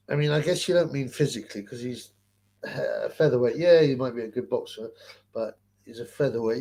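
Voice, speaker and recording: A man hosting a casual livestream, rambling crude gossip and reading out chat comments with lots of fillers. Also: medium pitch.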